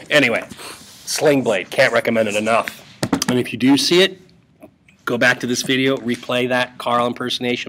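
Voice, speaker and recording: A man's voice: mid-range voice, lively intonation, normal speed, fairly bright tone, a little hiss or hum. A male English teacher giving a casual, joking lesson to students over a screen recording. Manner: playful and jokey, talking to students.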